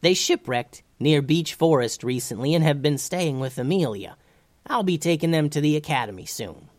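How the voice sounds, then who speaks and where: A man doing a brisk high-voiced grandma. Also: lively intonation, darkish tone, no room sound, lightly acted. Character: quick-witted grandmother fairy helper.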